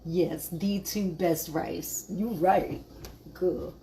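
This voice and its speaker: A woman's voice: lowish voice, steady tone, drawn-out words, creaky, warm tone, a little hiss or hum. A woman, hosting a casual live cooking stream in her home kitchen, chatting with viewers and trailing off with fillers. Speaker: cooking show host.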